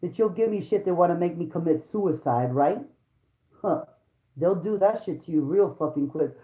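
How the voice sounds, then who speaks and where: This woman's lowish voice has lively intonation as she rants at a moderate pace, angry and profane, speaking straight to her viewers as a vlogger and mother. Her audio sounds roomy, dull, and lo-fi.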